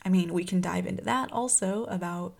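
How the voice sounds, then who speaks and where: A woman's voice: fairly low pitch, brisk, creaky, darkish tone. A young adult woman talking casually about a book series, rambling and heated, full of filler words. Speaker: book vlogger.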